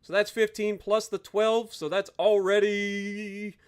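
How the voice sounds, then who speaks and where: A man live-streaming a game, talking to his chat and thanking donors with loud, exaggerated reactions. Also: high-pitched, little pitch movement, takes it slowly, smooth.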